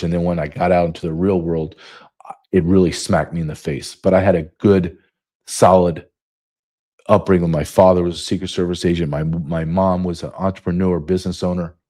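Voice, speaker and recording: A man in his fifties delivers a solo podcast monologue. His voice sits very low and sounds dark and mellow. He drives his points with emphatic, repeated phrases. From United States. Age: 50s. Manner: emphatic, repetitive. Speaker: podcast host.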